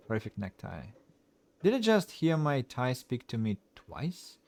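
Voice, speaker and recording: A man's voice: medium pitch, huge pitch swings, unhurried, creaky, darkish tone. Man reading game text on a stream. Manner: casual, chuckling, reads narration aloud and comments.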